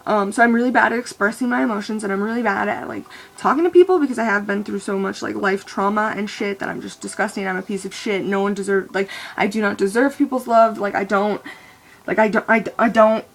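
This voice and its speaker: Young woman with a gravelly voice. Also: mid-range voice, fast talker. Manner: rambling and profane, with many restarts. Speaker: vlogger. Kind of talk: casual venting monologue.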